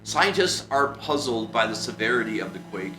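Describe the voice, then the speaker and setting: A man reading the lines of a male radio news announcer in a measured bulletin delivery. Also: medium pitch, lively intonation, close to an everyday voice. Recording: roomy echo with music behind.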